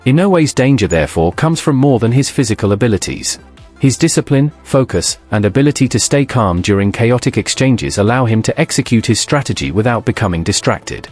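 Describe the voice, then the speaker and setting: Man in measured, scripted narration. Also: medium pitch, soft background music. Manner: even, measured, formal.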